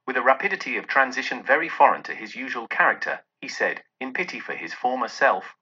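A man reading a classic story aloud in a dramatic, expressive narration. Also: brisk, hardly any pauses, slightly rough. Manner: dramatic, with many shifts in pitch and loudness. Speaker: audiobook narrator. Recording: dull lo-fi recording.

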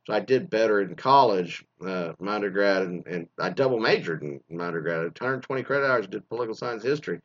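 A man's voice: lowish voice, expressive, quick pace, hardly any pauses. Profane rambling man, slightly muffled. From Texas. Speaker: former teacher. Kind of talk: casual profane rant.

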